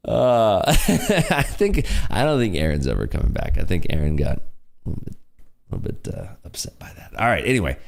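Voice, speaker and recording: A man's voice: lowish voice, big pitch swings, normal speed, vocal fry. A young man hosting a casual trading livestream, reading chat aloud and joking around with a laugh. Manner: jokey, reads chat aloud, laughs often. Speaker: livestream host.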